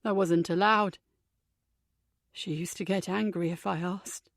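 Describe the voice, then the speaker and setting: A woman voicing a troubled young man who speaks quietly, flatly and bitterly. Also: mid-range voice, measured pace, dry recording, clean studio sound, lightly acted.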